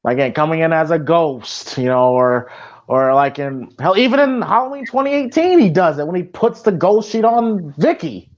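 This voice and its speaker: High, animated man on lo-fi audio. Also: normal speed. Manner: profane, excitable, rambling with fillers. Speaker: podcast co-host. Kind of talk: casual movie commentary chat.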